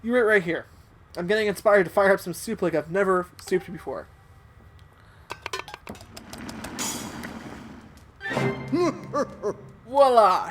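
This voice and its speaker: A man's voice: high-pitched, slight background noise, lightly acted. A man voicing an eager, friendly male pumpkin-soup cook in a game, with a shaky put-on accent. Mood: proud. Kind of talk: reading game dialogue aloud.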